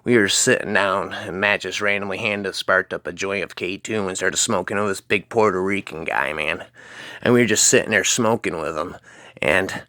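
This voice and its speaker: A man tells a rambling, slangy anecdote in a low voice. His tone is bright and forceful, and the sound is dry and close. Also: normal speed, no echo. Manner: rambling, full of "man" and "freaking". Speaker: storyteller.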